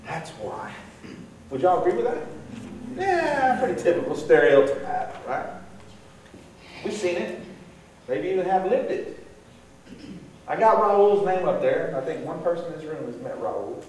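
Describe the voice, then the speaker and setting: A middle-aged man, giving an animated storytelling talk to an audience at a gang awareness session. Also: fairly high pitch, a little slow, long pauses. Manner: animated, acts out voices in his stories. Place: large echoey room with an audience. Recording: very echoey room, voice from far off, faint hiss.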